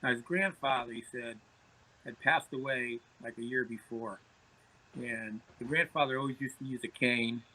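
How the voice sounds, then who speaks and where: A man's voice: medium pitch, moderate pace, bright, forceful tone, breathy edge, low-quality recording. A man, a podcast guest telling anecdotes in conversation, often repeating words as he starts phrases. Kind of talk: storytelling in conversation.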